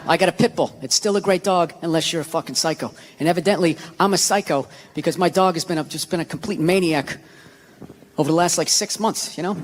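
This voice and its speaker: A man's voice: sits high, slight background noise. Ranting, swearing stand-up comedian man. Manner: ranting, profane, shouting bursts. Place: large comedy venue on stage. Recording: live hall with loud audience. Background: audience laughter.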